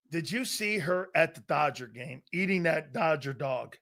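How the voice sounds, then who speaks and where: A middle-aged man hosting a live sports talk show, reading chat messages aloud, laughing often and arguing back loudly. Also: fairly high pitch, slow pace, creaky. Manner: loud, excitable, laughs often, argues with chat.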